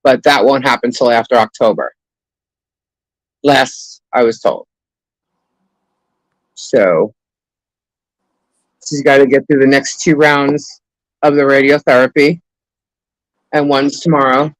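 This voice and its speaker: A man's voice: mid-range voice, slow, long pauses, no room sound, poor audio. A man co-hosting a casual live stream, talking in a chatty way and greeting viewers by name.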